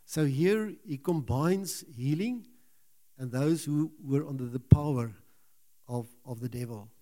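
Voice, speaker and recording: Halting preacher, man with mellow voice. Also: mid-range voice. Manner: halting, repeats words, earnest. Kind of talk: sermon.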